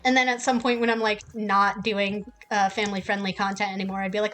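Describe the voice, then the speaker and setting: A woman's voice: medium pitch, quick pace, hardly any pauses, fairly bright tone, faint music behind. A woman streaming a game, ranting casually with heavy swearing. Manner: profane and heated.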